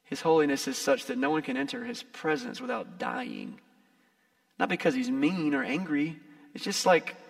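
A man preaching a casual, conversational sermon, swinging between loud emphasis and soft asides. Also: high-pitched, gravelly. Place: gym used as a church.

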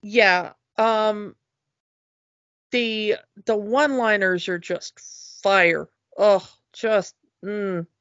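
A woman chatting casually and enthusiastically on a podcast, often halting with fillers and restarts. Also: medium pitch, fairly even intonation, a bit bright, no echo. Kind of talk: casual chat. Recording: dull, lo-fi dry recording.

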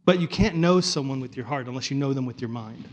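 A man preaching a sermon in an earnest, conversational way, often trailing off softly at the ends of phrases. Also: mid-range voice, fast talker, lo-fi sound. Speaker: pastor.

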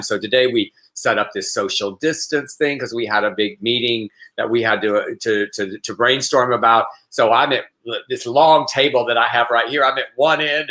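A man of mid-range pitch with a bright, forceful voice co-hosts a loose comedy chat. He rambles through his stories, stopping and restarting, and laughs often. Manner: rambling, halting, with many fillers and restarts, and frequent laughter. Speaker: co-host.

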